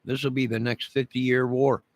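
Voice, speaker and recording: A man's voice: mid-range voice, flat delivery, normal speed, no room sound. A man delivering an angry, profane, repetitive rant to camera, making demands over and over. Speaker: vlogger.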